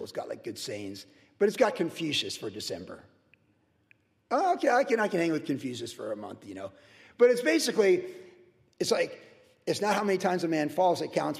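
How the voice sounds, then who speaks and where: A man's voice: on the high side, vocal fry, a little mellow, long reverb tail. A man preaching a verse-by-verse sermon in a conversational way, full of personal stories and restarts. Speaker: pastor.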